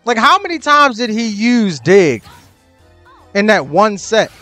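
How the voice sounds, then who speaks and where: A young man commenting on his own ranked matches with a high, wildly swinging voice, swearing freely and erupting in loud, exasperated complaints. The recording is close and dry, with faint game music underneath. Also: very animated, measured pace, no echo. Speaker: gaming channel host.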